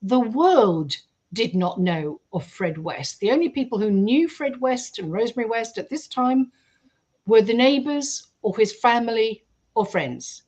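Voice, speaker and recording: A woman, a guest on a radio show, telling a story in a lively way and acting out the quoted voices. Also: a little high, unhurried, dull audio. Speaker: guest researcher. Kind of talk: storytelling in an interview.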